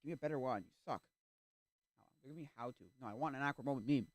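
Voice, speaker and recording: A man streaming and chatting casually, animated and easily exasperated, acting out little reactions. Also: medium pitch, quick pace, no echo. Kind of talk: casual chat.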